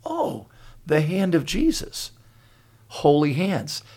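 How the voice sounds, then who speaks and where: A man's voice: a little high, slow pace. Earnest older man, podcast host. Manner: earnest and animated storyteller with frequent restarts. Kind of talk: casual podcast conversation.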